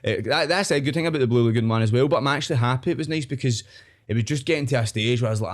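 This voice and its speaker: A man's voice: medium pitch, very fast. A young Scottish man, a podcast guest, rambling in casual chat and often tagging his sentences with "know what I mean".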